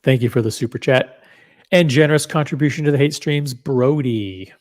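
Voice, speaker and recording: A man's voice: medium pitch, moderate pace, a little mellow. A man hosting a casual livestream, talking straight to viewers in an upbeat way. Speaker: livestream host.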